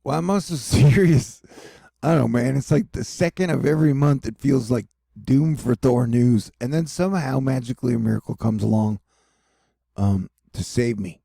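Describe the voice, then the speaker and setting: A man runs through a weather update in a casual, rambling way, dropping wry self-mocking jokes. His voice is dark and mellow, with a gravelly, husky edge. The sound is dry and close. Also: mid-range voice, normal speed, dry recording. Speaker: weather news host. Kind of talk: casual weather commentary over maps.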